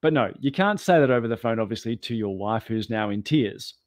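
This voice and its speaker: Man telling a lively story, dry sound. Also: on the low side, fairly quick, no echo. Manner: animated, self-deprecating storyteller. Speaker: guest. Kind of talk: anecdotal storytelling.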